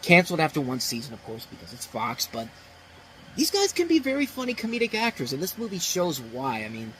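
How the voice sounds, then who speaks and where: A man's voice: fairly high pitch, huge pitch swings, a little fast, fairly bright tone, slight background noise, poor audio. A man giving a casual spoken movie review. He talks enthusiastically and rambles, with frequent restarts and laughter.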